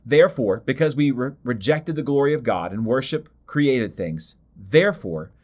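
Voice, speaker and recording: A man teaching through a book of the Bible, reading scripture aloud and stressing points by repeating phrases and slowing down. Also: mid-range voice, lively intonation.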